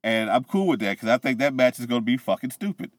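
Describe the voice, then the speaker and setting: A man's voice: medium pitch, big pitch swings, fast, dry recording. A man co-hosting a casual wrestling podcast, thinking aloud and guessing at outcomes. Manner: speculative, thinks aloud with restarts. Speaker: podcast co-host.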